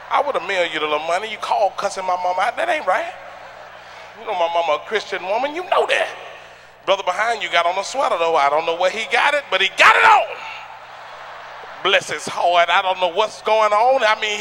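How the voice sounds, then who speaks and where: High, bright-voiced man doing stand-up. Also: a little hiss or hum. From Atlanta, USA. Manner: loud, profane crowd work with punchy shouted punchlines. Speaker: stand-up comedian. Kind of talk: live stand-up comedy. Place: live comedy stage.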